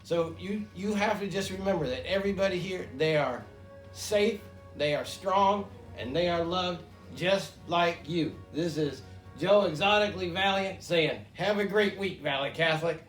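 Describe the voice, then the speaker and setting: A man's voice: high-pitched, moderate pace, close to an everyday voice. A man playing a brash, rambling male big-cat zoo owner in a comedy skit. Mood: boastful. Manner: rambling, boastful, repeats himself. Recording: echoey room with music behind.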